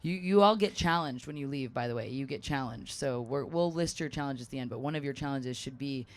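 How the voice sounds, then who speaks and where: A woman telling an animated, self-mocking story to a live audience, often acting out what others said. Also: a bass voice, brisk. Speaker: panel speaker at a live event.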